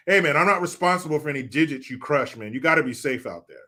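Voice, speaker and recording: A man's voice: on the high side, quick pace, sharp tone. A man reading viewer comments on a live stream, joking, swearing and mock-outraged.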